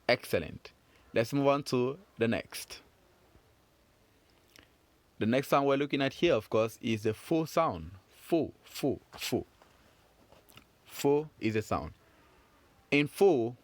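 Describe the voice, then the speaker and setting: A man teaching children French phonics, patient and encouraging as he repeats each sound. He speaks slowly with a very lively, rising-and-falling pitch. The recording is dry and close. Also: no echo. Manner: slow, patient, encouraging, drawn-out repetitions.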